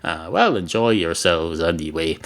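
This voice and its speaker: An Irish man playing a fussy pub barman in a comedy podcast, rambling and pedantic. The voice sits well above his usual pitch, bright and a bit louder, with sudden jolly hoots. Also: lively intonation, normal speed. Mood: chirpy.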